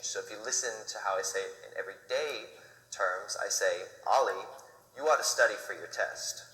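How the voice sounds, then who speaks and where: A man with a low, bright-toned voice teaches English grammar step by step. He explains each rule patiently and models example sentences slowly, then at natural speed. The recording sits in a reverberant room with a long echo tail. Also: far from the mic.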